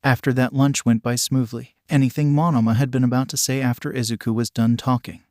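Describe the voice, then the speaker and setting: A man narrating a fan fiction story in an even, steady reading voice. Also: medium pitch, fairly quick, dry recording, studio quality.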